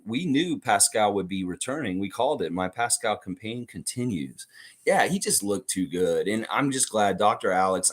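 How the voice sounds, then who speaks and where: A man hosting a casual basketball fan livestream, reading viewer comments aloud and acting out the people he quotes. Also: low-pitched. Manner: talkative, acts out quoted people. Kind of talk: casual sports talk reacting to chat.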